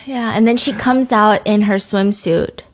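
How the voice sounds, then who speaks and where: A woman's voice: medium pitch, unhurried. A woman hosting a podcast, recapping a show in a casual, jokey way and acting out its quotes. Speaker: podcast host. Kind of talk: casual comedic recap chat.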